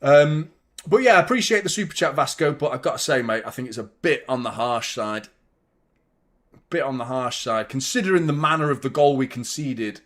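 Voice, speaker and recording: Swearing football fan on a livestream. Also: male voice, medium pitch, moderate pace. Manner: fan reacting to play, swears and shouts at the referee. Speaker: football watchalong host. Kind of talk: live match commentary and chat.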